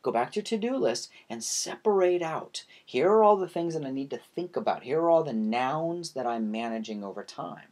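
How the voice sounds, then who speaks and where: A man's voice: medium pitch, animated, normal speed, hardly any pauses, a little mellow. A man, an author presenting his book in a webinar lecture, speaking straight to listeners and running through items in rhythmic lists.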